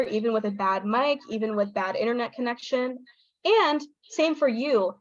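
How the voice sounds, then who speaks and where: An American woman, a young adult, giving an online talk to English teachers, lively and acting out intonation patterns as she explains them. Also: no echo, highs cut off. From United States. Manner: lively, demonstrates intonation with exaggerated pitch.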